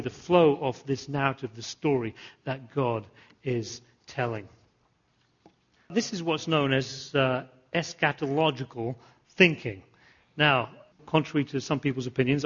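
Husky man preaching a sermon. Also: fairly high pitch, dull audio. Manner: animated, repeats phrases, asks the congregation questions. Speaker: pastor. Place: church.

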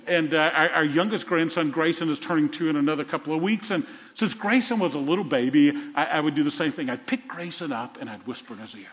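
An older man preaching a sermon to a congregation, lively and conversational, dropping to a soft whisper for tender lines. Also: fairly high pitch, quick pace, few pauses. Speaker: pastor. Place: church sanctuary. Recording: muffled sound with long reverb in a large hall.

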